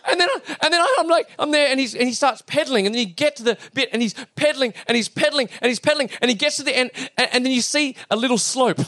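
Man, 30s, high and bright, animated storyteller who plays out every voice. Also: quick pace, hardly any pauses, no echo, studio quality. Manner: animated, acts out dialogue, lots of fillers and restarts. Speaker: speaker addressing an audience. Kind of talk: storytelling talk to a live audience.

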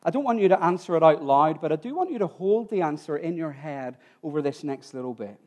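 Male preacher, high voice, informal sermon storyteller who repeats himself as he talks. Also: expressive, brisk, darkish tone. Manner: informal, restarts words, addresses listeners directly.

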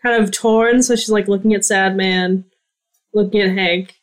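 A woman's voice: medium pitch, steady tone, moderate pace. Chatty woman playing a tabletop game. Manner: chatty, laughs often. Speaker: player. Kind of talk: casual tabletop play.

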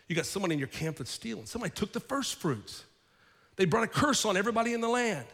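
A man's voice: high-pitched, big pitch swings, fast talker, a bit bright, big-room sound. A man preaching a sermon as pastor, telling the story with feeling and acting out the people in it.

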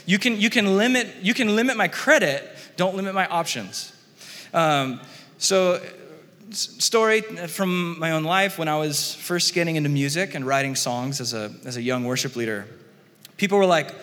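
A man preaching a sermon in a relaxed, conversational way, often chuckling and acting out the quotes he reads. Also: on the high side, moderate pace. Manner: conversational, animated, laughs often, acts out quotes. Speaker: pastor. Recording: long hall reverb.

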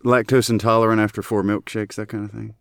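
A man's voice: lowish voice, flat delivery, fast talker, vocal fry, dry recording. Man with dry, wry interjections. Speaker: podcast co-host. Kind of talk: casual podcast chat.

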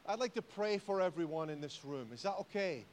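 Animated Scottish preacher. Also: male voice, high-pitched, fairly quick. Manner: animated, jokey, rising to loud exhortation. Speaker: pastor. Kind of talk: sermon. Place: church hall.

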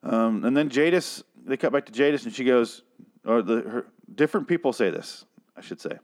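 A man's voice: mid-range voice, lively intonation, moderate pace. A man ranting sarcastically and with lots of swearing while reviewing a TV episode in casual talk. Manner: profane, exasperated, sarcastic.

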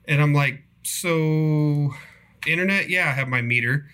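A young man spins a profane, rambling work story in casual chat. His voice is bright and sharp. He jumps between hushed asides and loud outbursts. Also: a little high, unhurried, clean tone. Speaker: podcast co-host telling work stories.

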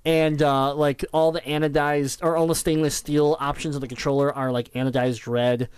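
A man co-hosting a casual chat about video games, rambling and acting out his own excited reactions. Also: on the high side, moderate pace, smooth, no room sound. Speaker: podcast co-host.

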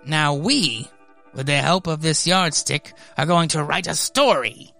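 A man's voice: on the high side, unhurried, gravelly, sharp tone, soft background music, heavily acted. A man doing a gloating sadistic horror writer. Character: sadistic male horror writer torturing his captive.

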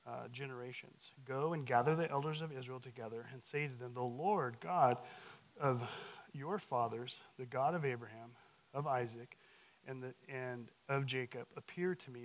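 A man's voice: medium pitch, low-quality recording. A man giving a conversational sermon as a guest teacher, reading scripture with added emphasis, full of restarts and fillers. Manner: casual, halting, with frequent restarts and fillers; adds emphasis to scripture and acts out quotes.

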